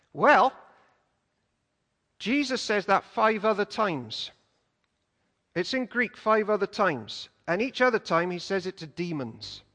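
A man preaching a sermon in a church, in an animated, conversational storytelling way. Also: high-pitched, takes it slowly, long pauses. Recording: echoey church hall.

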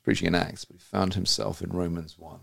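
A man's voice: low voice, flat delivery, fairly quick, gravelly, a bit bright. A man from England hosting an interview, enthusiastic and rambling, with many restarts as he tells stories. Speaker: host. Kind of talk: conversational interview.

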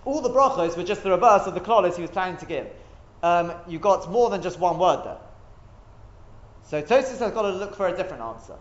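A man with a high voice teaches a Talmud class. He thinks aloud, asks rhetorical questions and walks through each step. The recording is a little dull. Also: lively intonation, fairly quick.

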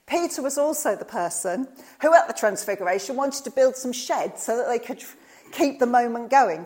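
Preaching a sermon in a fairly high voice, a woman tells the story with liveliness and acts out the voices of its characters.

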